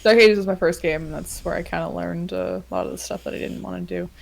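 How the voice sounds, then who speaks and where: A woman's voice: lowish voice, quick pace, vocal fry. A woman who runs tabletop games, chatting casually on a podcast and laughing often. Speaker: game master.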